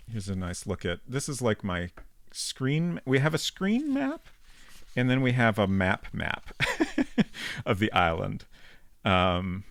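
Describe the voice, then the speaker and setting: A man giving casual live-stream commentary while playing a game, chatting with viewers and thinking out loud. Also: fairly low pitch, dry recording.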